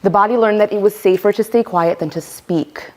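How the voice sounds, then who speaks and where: A woman teaching a voice workshop, lively and playful, acting out the voices she quotes. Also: mid-range voice, fairly quick. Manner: animated, acts out quoted voices. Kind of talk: workshop lecture.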